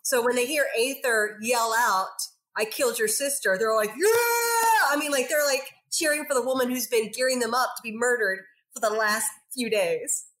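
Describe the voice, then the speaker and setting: A woman's voice: fairly high pitch, moderate pace, few pauses, fairly bright tone. A woman playing a tabletop game, chatty and swearing, full of "like". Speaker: player. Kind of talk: casual tabletop play.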